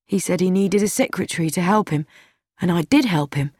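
A woman's voice: lowish voice, brisk, darkish tone, breathy edge, no room sound, clean studio sound. A woman voicing an apologetic sad young man. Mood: pleading. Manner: pleading, self-pitying. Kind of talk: audiobook reading.

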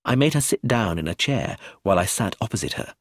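A man narrating a novel aloud in an expressive, measured storytelling manner. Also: fairly low pitch, no echo, studio quality. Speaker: audiobook narrator. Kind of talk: scripted narration.

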